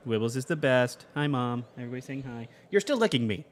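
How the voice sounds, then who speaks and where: A man's voice: mid-range voice, expressive, fast, slight background noise. A young adult man streaming a game live, chatting casually, reading chat aloud and laughing often.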